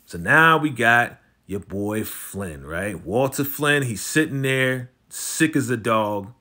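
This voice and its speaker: A man casually recapping a TV episode, animated and slangy, jumping into the characters' lines as he retells scenes. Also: mid-range voice, slow pace. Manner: slangy, conversational, lots of "you know" and "right?". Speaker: TV recap host.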